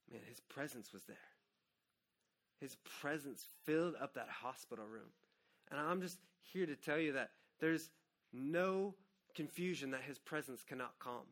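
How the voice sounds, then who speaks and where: A man in his thirties, a pastor preaching an earnest, personal sermon that swings from hushed to loud. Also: on the high side.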